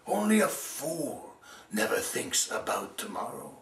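A man's voice: mid-range voice, sing-song, a little slow, fairly bright tone. A skeptical, needling crow, voiced by a male storyteller, pressing doubtful questions one after another. The tone is challenging and knowing. The voice comes from a distance with a roomy echo. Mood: scornful. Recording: roomy sound from a distant mic.

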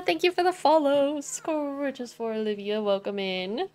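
A woman's voice: on the high side, animated, moderate pace, hardly any pauses. A young woman livestreaming a zoo-building game, chatting casually, thinking aloud and greeting viewers in chat. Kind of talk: casual gameplay commentary.

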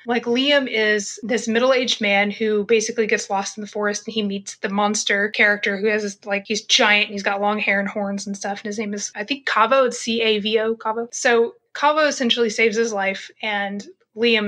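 A woman's voice: medium pitch, bright, forceful tone. A woman co-hosting a podcast, chatting casually and enthusiastically about books she read, swearing freely. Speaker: podcast co-host. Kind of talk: casual book chat.

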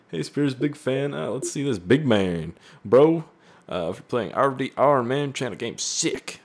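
A man reading fan voice messages aloud and reacting with loud, profane jokes in a casual gaming video. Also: medium pitch, expressive, unhurried. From Canada. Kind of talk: casual gaming vlog commentary.

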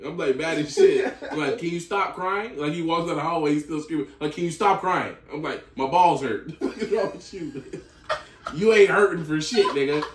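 A young man hosting a reaction video tells a story in an animated way, laughing, swearing and acting out what people said. His voice is a little high, and the echoey room, distant mic and noisy background come through.

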